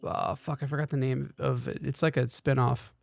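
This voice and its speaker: A man's voice: mid-range voice, little pitch movement, moderate pace, gravelly, dry recording. A man co-hosting a game stream who chats casually in a rambling, hesitant way. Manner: rambling, hesitant, uses fillers.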